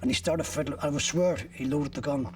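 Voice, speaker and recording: A man's voice: on the high side, fairly even intonation, brisk, a little mellow, recorded from a distance, slight background noise. An older man, recounting a personal ordeal as an interviewee in blunt, graphic words with swearing.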